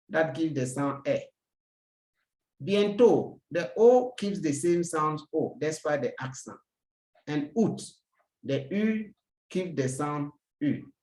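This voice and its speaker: A French teacher giving a recorded language lesson, slow and deliberate, repeating each example word. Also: medium pitch, roomy sound.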